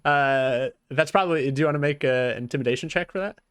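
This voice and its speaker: A man's voice: medium pitch, fast, fairly bright tone, clean tone, no echo. A man narrating as game master for a tabletop game, talking hesitantly with fillers and restarts.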